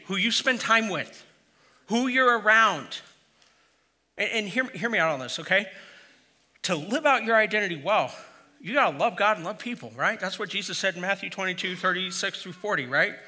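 A middle-aged man preaching with a bright, forceful voice pitched fairly high for a man. He tells stories with humor and speaks straight to his listeners in an easy, conversational way. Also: animated, fairly quick. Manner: humorous storytelling, conversational and direct. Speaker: pastor. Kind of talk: sermon.

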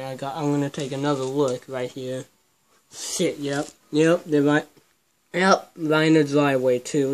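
A man filming a casual vlog in a hot garage, swearing often and talking in a hushed, jittery way. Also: on the high side. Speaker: vlogger. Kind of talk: casual self-filmed vlog.

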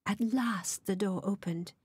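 A woman reading a novel aloud as an audiobook narrator, soft and often half-whispered. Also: medium pitch, a little slow, slightly rough, no room sound.

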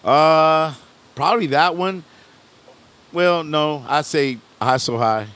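A man's voice: fairly high pitch, slow pace, fairly bright tone. A middle-aged man, a rapper, telling a long story in a casual interview, rambling in loose slang, restarting sentences and often asking "you know what I'm saying". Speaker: rapper guest on a podcast.

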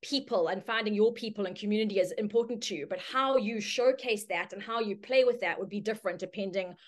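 A woman teaching a branding workshop, telling a story with lively, chatty delivery and acted-out voices. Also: quick pace. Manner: storytelling, acts out quoted voices with sudden high squeals. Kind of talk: live online workshop talk.

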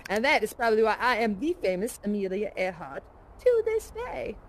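A woman's voice: mid-range voice, very animated, moderate pace, a little hiss or hum, close to an everyday voice. An actress playing a folksy, adventurous woman aviator in a live immersive theater show, chatting and telling stories in an exclamatory way.

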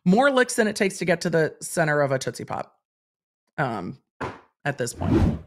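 A woman's voice: low voice, big pitch swings, normal speed, a little hiss or hum. A woman hosting a livestream, reading court documents aloud and commenting on them in a chatty, wry way. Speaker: legal commentator host.

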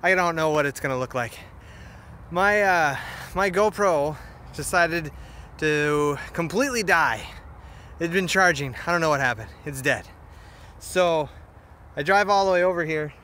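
A man's voice: on the high side, unhurried, sharp tone, slight background noise. A young man vlogging outdoors at a muddy wildlife preserve, a little out of breath, talking into a phone held at arm's length, rambling and frustrated, then wistful. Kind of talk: casual outdoor selfie vlog.

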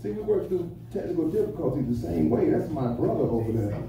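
A man's voice: a little high, sing-song, fast, creaky, dark tone, far from the mic, slight background noise. Echoey club emcee, a man hyping the crowd. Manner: loose, swearing, hyping the crowd. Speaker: comedy show host. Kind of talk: stand-up emcee banter. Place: nightclub stage. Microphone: handheld stage mic.

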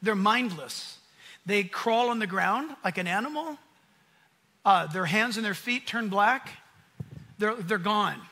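A man preaching a sermon at a conference in an American accent, animated and acting out the voices he quotes. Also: sits high, slow pace, long pauses. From United States. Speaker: pastor. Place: conference hall.

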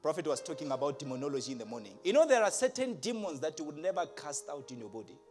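A man preaching a lively church sermon, swinging from shouts to low asides and laughing often. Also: racing, soft background music. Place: church hall with congregation.

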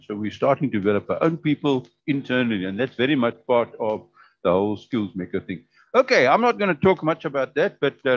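A man hosting a public forum in a chatty, jovial way, with sudden bursts of excitement. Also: medium pitch. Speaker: forum host. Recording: dull lo-fi recording.

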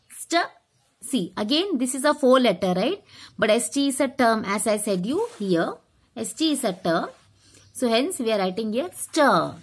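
A woman's voice: on the high side, expressive, unhurried, breathy edge. A woman teaching a phonics lesson to children, sounding out letters one by one and quizzing them as she goes.

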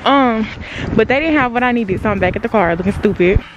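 A woman's voice: on the high side, fairly quick, muffled recording, a little hiss or hum. A young woman vlogging on a handheld phone around her car and a store parking lot, chatting loosely in slang and poking fun at herself. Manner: loose, slangy, self-mocking. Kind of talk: casual vlog chat to camera.

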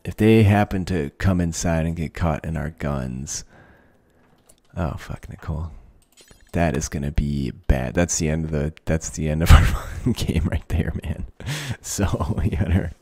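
A man's voice: very deep voice, a little slow, dark tone, no echo. A man giving casual let's-play commentary, thinking aloud, swearing freely and laughing often. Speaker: gaming video creator.

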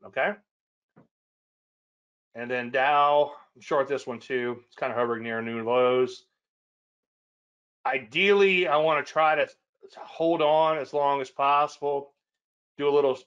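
A man's voice: mid-range voice, fairly bright tone, highs cut off. A man hosting a weekly trading show, chatting casually and rambling through charts with self-deprecating asides. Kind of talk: casual webinar chat.

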